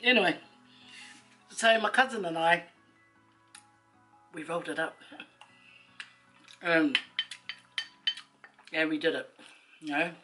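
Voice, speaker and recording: Chatty woman, low voice. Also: takes it slowly, long pauses, music in the background, low-quality recording. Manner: chatty, rambling, laughs often. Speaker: vlogger. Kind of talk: casual storytelling to camera.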